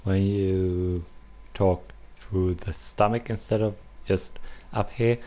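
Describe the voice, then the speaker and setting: A man's voice: low voice, fairly even intonation, takes it slowly, mellow. A young man chatting casually on a live stream, rambling and apologizing for himself. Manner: rambling, self-conscious, apologetic.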